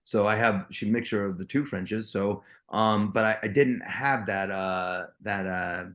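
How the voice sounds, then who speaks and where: A man's voice: on the low side, steady tone, unhurried, a bit bright. A middle-aged man, an actor guest, chatting with enthusiasm and lots of restarts. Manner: enthusiastic, rambling with many restarts. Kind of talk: casual interview chat.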